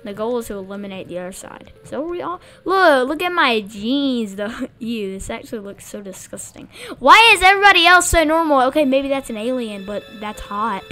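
A woman with a high, bright voice talks over a video game, excitable and blunt, cracking jokes as she plays. Faint game music hums in the background. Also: normal speed, few pauses. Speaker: gamer. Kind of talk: gameplay commentary.

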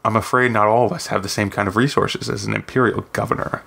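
A man's voice: lowish voice, steady tone, fast talker, vocal fry, fairly bright tone, slightly rough, heavily acted. A man reading aloud, voicing a proud, sardonic older woman mage who teaches, with a dry, cutting manner. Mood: wry. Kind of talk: audiobook reading.

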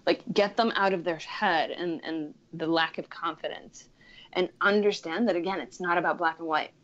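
A woman's voice: lowish voice, fairly even intonation, normal speed, a bit bright, muffled recording. A woman in her thirties, a guest career coach, chatting with enthusiasm and saying "like" often. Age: 30s. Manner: enthusiastic, chatty, many "like" fillers. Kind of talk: casual interview talk.

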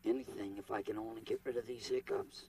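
A man voicing a huge, shy, gentle and gloomy woolly creature with a slow, mournful, sighing delivery. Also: on the low side, steady tone, close to an everyday voice. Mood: sorrowful. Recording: noisy 1970s TV audio.

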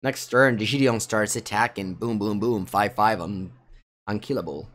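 Italian-accented streamer, live card game commentary, mostly mumbled asides broken by loud excited yelps. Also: male voice, fairly low pitch, moderate pace. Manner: muttering thoughts aloud, with sudden excited outbursts.

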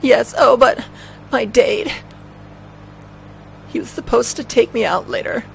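A man reading a young female cop's lines in a raised, softened voice while streaming a video game. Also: very high voice, unhurried, gravelly, a little hiss or hum, voice pushed up, exaggerated voice, rough recording. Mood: earnest. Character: young female cop, composed, reserved.

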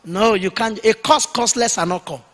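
A man preaches with a high, husky voice that rings out in a large church hall with a long reverb. He is emphatic and slows down to dictate key points word by word for his listeners to write down. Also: a bit bright. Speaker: pastor. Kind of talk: sermon.

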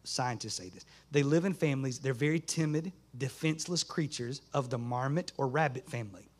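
In a small church, a male pastor preaches a folksy Southern sermon that rises into fervent shouts. His voice is medium-pitched and brisk.

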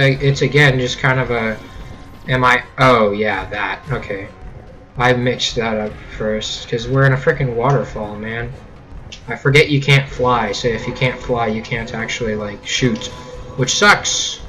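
A man's voice: medium pitch, measured pace, sharp tone, rough recording. A young man giving casual, jokey gameplay commentary with sarcastic running gags. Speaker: let's play host.

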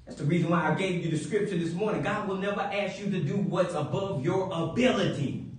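A man preaching a sermon, animated and playful, breaking into high whoops and chuckles. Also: a little fast. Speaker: pastor. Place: church sanctuary. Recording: echoey church from a distant mic.

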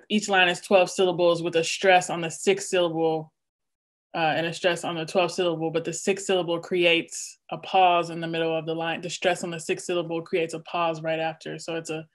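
Poet, woman, lower register; measured, rhythmic lecture reading, a touch nervous, video-call audio. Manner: measured, rhythmic delivery with list-like cadence. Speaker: poet giving a craft talk. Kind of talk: reading a prepared lecture on poetics.

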